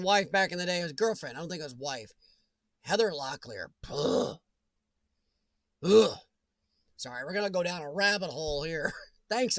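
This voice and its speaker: A man's voice: sits high, a bit bright, dry recording. A middle-aged man hosting a casual live chat stream, reading viewer comments with jokey asides and frequent laughter. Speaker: livestream host.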